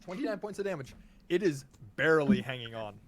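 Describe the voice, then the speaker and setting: A man's voice: fairly high pitch, animated, quick pace, crowd noise. A man running a tabletop game as game master, laid-back and often chuckling as he talks through the rules.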